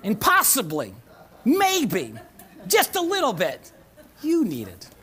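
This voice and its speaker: A woman's voice: fairly high pitch, huge pitch swings, slow, fairly bright tone. A woman pastor preaching a sermon at a church service. She is emphatic, repeats key phrases, calls out to the congregation for a response, and slips in playful asides with a chuckle.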